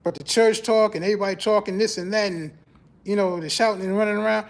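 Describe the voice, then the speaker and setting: A man hosting a podcast in casual, conversational faith talk, greeting viewers and repeating his phrases. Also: fast talker. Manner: animated, rises in pitch when mocking church talk. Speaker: podcast host.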